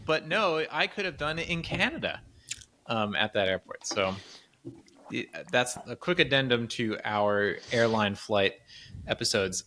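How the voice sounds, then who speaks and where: A man's voice: medium pitch, expressive, a little slow, bright, forceful tone, a little hiss or hum. A man co-hosting a podcast, telling a rambling travel story in casual chat, laughing often. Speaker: podcast co-host.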